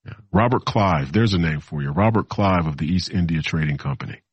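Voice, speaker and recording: A man's voice: sits low, fairly quick, husky, no echo, dull audio. A man in his thirties hosting a political talk show, delivering a rambling monologue that repeats itself, with mocking asides. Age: 30s.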